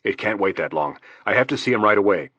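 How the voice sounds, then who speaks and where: A clipped, commanding Secret Service agent, as a narrator plays him presses hard and fast. His voice sits low with a husky edge. The room sound is dry. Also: lively intonation, a bit bright, no echo, highs cut off. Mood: urgent. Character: urgent male Secret Service agent in charge.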